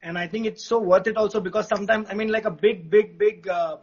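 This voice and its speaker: A man's voice: high-pitched, steady tone, fast, breathy edge. A man hosting a casual interview, who talks in a chatty way with many fillers. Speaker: host. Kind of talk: casual interview on a live stream. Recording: dull, muffled sound.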